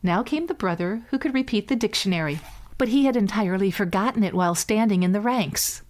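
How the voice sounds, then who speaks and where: A woman reading a fairy tale aloud as a bedtime story, in a measured, gentle way. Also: mid-range voice.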